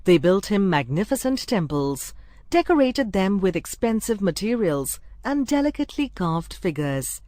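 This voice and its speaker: A woman narrating a folk tale in a clear, measured storybook reading. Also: mid-range voice, very animated, mellow, no room sound, studio quality. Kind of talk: scripted narration.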